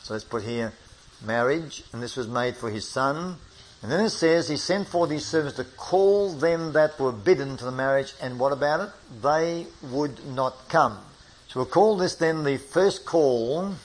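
A man teaching a Bible study at a board, with a voice of middling pitch. He talks in a measured, questioning way, stopping often to ask his listeners and reading the verses aloud. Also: rough recording.

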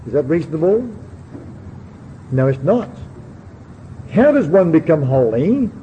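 A man's voice: fairly high pitch, big pitch swings, a little slow. A man preaching a sermon, earnestly putting questions straight to his listeners. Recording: dull lo-fi recording with faint hiss.

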